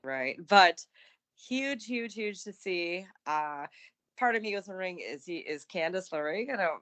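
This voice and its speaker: A woman co-hosting a casual wrestling podcast, easygoing and quick to laugh. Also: fairly low pitch, animated, fairly bright tone. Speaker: podcast co-host.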